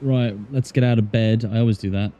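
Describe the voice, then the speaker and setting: A man's voice: fairly low pitch, steady tone, fairly quick, dark tone, highs cut off. Chatty man streaming a game. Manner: chatty, jokey, talks to himself while playing. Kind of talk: casual gaming livestream chat.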